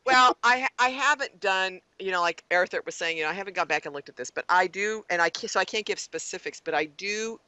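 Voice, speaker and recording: Bright, dry-voiced woman musing aloud. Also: mid-range voice, fast talker, few pauses, dry recording. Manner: hesitant, restarting, thinking aloud. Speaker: co-host. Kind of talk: casual podcast chat.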